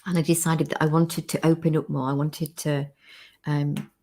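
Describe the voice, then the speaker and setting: A woman's voice: low-pitched, level tone, moderate pace, mellow. A woman hosting a casual interview on a video call, telling anecdotes in a chatty way and acting out what people said. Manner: chatty storyteller, laughs, acts out quoted people. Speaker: interview host.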